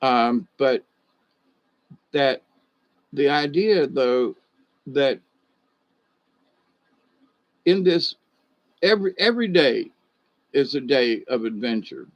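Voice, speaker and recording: A man's voice: medium pitch, animated, takes it slowly, pauses often, no echo, lo-fi sound. A man, telling folksy stories and rambling with chuckles. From Georgia, US. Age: 60s. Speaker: monologue host.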